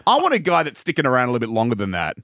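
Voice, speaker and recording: A man, co-hosting a comedy podcast in animated, giggly banter. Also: medium pitch, very fast, no echo, studio quality. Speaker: podcast co-host. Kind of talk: casual comedic chat.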